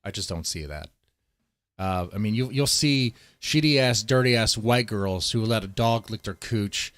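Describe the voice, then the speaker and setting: A man's voice: on the low side, a bit bright, no echo. Profane rambling male streamer. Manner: profane, rambling, addresses chat directly. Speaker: streamer reacting to a video. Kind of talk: casual live-stream commentary.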